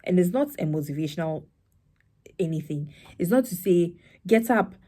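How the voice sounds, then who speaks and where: A young woman poet talks a live audience through her poem. Her voice sits a little low and sounds mellow and warm. She speaks in a reflective, conversational way and now and then acts out other people's words in a brighter tone. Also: animated, normal speed. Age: young adult. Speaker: spoken word poet.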